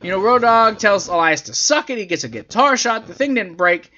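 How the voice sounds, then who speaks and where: Man, swearing exasperated reviewer, lively swinging pitch, dull lo-fi recording. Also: a little fast. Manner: profane, exasperated rant. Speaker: wrestling show reviewer. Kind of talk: casual ranting review.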